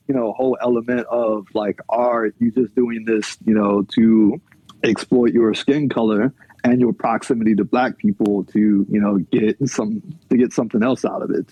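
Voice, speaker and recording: Husky-voiced man, relaxed and chatty. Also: medium pitch, no room sound, dull audio. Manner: relaxed, laughs often, lots of "like" and "you know". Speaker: podcast guest, linguist. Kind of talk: casual podcast conversation.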